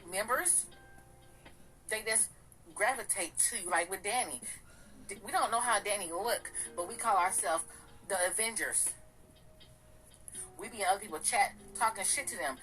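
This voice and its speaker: Sassy raspy gossip-host woman. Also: pushed and bright, poor audio. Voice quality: a little raspy and deep. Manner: sassy, blunt, profane ranting. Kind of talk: casual commentary.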